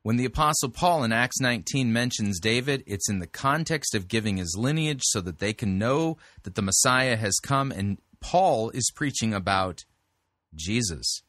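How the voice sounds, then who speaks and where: A man's voice: medium pitch, expressive, normal speed, a bit bright, no echo, clean studio sound. A man hosting a sermon review show, giving blunt, corrective commentary on a preacher's clip.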